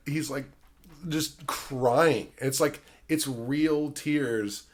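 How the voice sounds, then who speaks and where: A man in mid-pitch range hosts a relaxed film chat. He rambles through fillers, swears freely, and breaks into animated voices when he retells a story. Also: takes it slowly. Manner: acts out quotes in animated voices. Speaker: podcast host. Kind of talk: casual film discussion.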